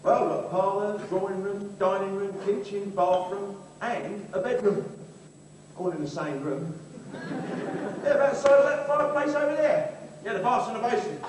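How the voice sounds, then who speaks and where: A man's voice: sits high, normal speed, close to an everyday voice. An actor playing a cheeky young Cockney chancer on a theatre stage, joking his way through a posh household. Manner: cheeky, jokey banter. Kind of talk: live stage musical dialogue. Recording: echoey theatre from far off, noisy.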